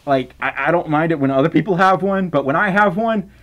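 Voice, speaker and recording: A man with a softened Southern US accent, reading donations on a live stream in casual chat, rambling, stammering over repeated words, and laughing often. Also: fairly high pitch, brisk, highs cut off. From Southern United States.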